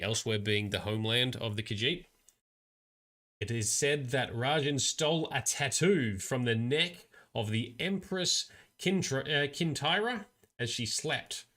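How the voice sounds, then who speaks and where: A man's voice: mid-range voice, sharp tone. A man giving casual live gameplay commentary as a streamer, chatting and reading lore text aloud.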